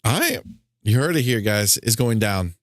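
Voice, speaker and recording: A man co-hosting a casual gaming news podcast, reading news items with fillers and getting excited. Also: fairly low pitch, unhurried, no echo. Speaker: podcast co-host.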